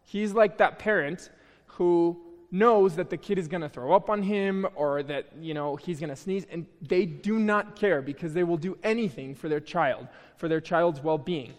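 A man's voice: on the high side, moderate pace, in a large hall. A young man giving a casual, conversational sermon at a church, chatty and self-deprecating, with frequent restarts. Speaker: preacher. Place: church hall.

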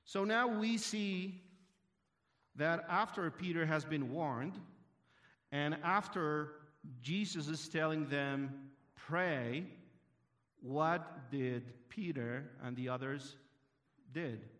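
A man slowly reading Bible passages aloud and then commenting on them in plain, emphatic asides, like a teacher. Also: on the high side, a bit bright.

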